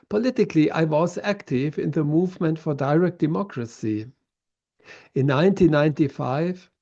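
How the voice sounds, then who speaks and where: A man of about sixty with a German accent delivers a prepared lecture, slow and measured in pace. His voice sits rather high for a man yet sounds mellow and soft. The recording is a little dull and lo-fi. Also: gravelly. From Southern Germany.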